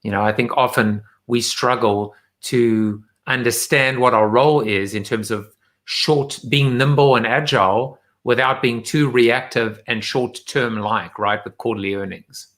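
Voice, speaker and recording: A man's voice: mid-range voice, fairly even intonation, unhurried, a bit bright. A man hosting a live online talk show, chatting casually with many fillers and restarts. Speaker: show host. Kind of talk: casual live-stream chat.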